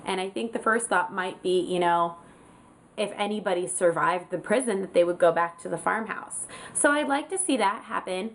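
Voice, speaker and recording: A woman's voice: medium pitch, moderate pace. A young woman chatting casually to camera in a home video, upbeat and full of fillers. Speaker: vlogger.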